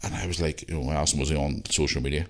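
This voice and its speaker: Northern irish guy rambling on his podcast, really low voice, swears a lot, loops back on himself. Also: steady tone, racing. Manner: rambling, chatty, repeats himself, swears freely. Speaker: podcast host. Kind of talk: casual solo podcast monologue.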